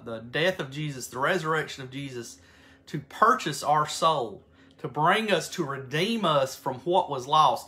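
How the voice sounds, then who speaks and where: A man teaches a Bible study at an unhurried pace, leaning into key words as he reads scripture aloud. His voice is bright and clear, and he stops and restarts now and then while working through his notes. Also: on the high side. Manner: earnest, reads scripture aloud slowly with emphasis.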